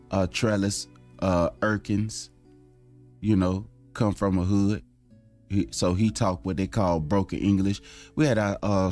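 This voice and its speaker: Southern man, deep-ish voice, loose rambling teacher, soft music underneath. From Florida, US. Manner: rambling, conversational, addresses listeners as family. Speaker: religious teacher. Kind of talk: casual online teaching.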